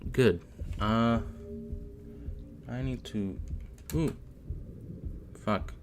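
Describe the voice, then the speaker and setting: A man's voice: medium pitch, extremely slow, darkish tone. A man streaming a video game, muttering casual commentary to himself, jumpy and nervy as he plays. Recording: faint game music behind.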